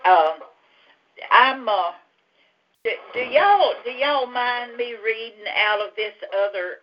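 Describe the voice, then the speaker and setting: A woman leading a Bible study and prayer, talking gently and haltingly with many fillers. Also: on the high side, animated, slight background noise. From Louisiana. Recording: muffled lo-fi audio.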